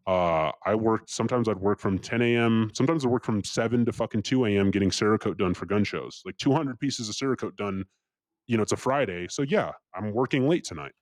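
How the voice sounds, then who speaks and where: The voice is fairly low and a little fast, with no room sound: a young California man guesting on a podcast and telling a casual story. He swears a lot, stays animated, and imitates the people he quotes.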